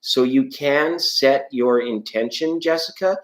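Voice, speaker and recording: A man's voice: mid-range voice, unhurried. A man hosting a live tarot stream, chatting playfully with viewers and sometimes singing scales. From Canada. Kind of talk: casual live-stream chat reading viewer comments. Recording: echoey room.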